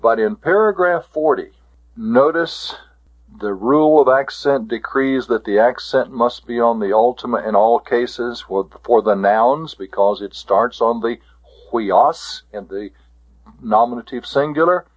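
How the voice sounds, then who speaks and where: A man teaching a Greek grammar lesson, speaking deliberately and repeating key terms for his students. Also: medium pitch, husky. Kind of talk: classroom lecture. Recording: dull lo-fi lecture recording.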